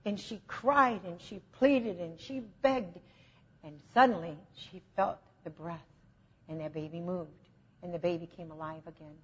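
A woman preaches in a relaxed, conversational way, telling stories with earnest conviction. She pokes gentle fun at herself as she goes. Her voice is breathy and a little husky, and the recording sounds slightly muffled and lo-fi. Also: lowish voice, unhurried. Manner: conversational storytelling, earnest, self-deprecating. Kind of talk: informal teaching sermon.

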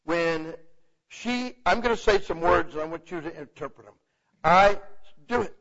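A slightly high-voiced preacher teaches the Bible at a moderate pace, keeping things loose and conversational. He stays animated and checks in over and over with "okay?", though the recording is muffled and lo-fi.

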